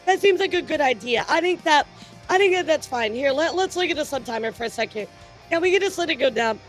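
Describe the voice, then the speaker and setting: A very high-pitched woman talking to her livestream chat. She is excitable and laughs often, swears freely and stammers into repeated words. Faint music plays underneath her. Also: fast, poor audio. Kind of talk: casual livestream chat with viewers.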